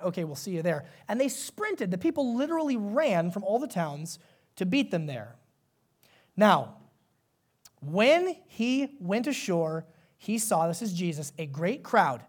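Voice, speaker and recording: A male pastor preaching a sermon in a conversational, animated way, often turning to ask the congregation questions. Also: sits high.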